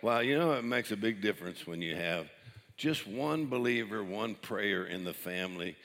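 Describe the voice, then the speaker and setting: Older man, low, joking pastor. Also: lively intonation, normal speed, a bit bright, in a large hall. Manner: joking, chuckles at his own jokes. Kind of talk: sermon with jokes.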